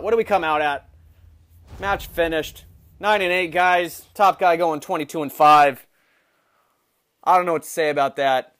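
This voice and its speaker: A young man giving live commentary over a mobile shooter game, getting frustrated and breaking into loud yelling outbursts. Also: sits high. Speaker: gaming channel host.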